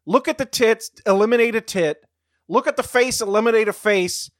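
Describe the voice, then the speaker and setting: A man's voice: sits high, normal speed, no room sound, studio quality. A man co-hosting a podcast, trading crude, wry jokes in casual chat. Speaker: podcast co-host.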